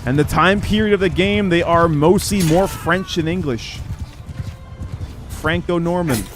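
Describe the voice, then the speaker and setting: A man's voice: fairly high pitch, a little slow, faint music behind. A man streaming gameplay live, chatting with viewers in an opinionated, talkative way.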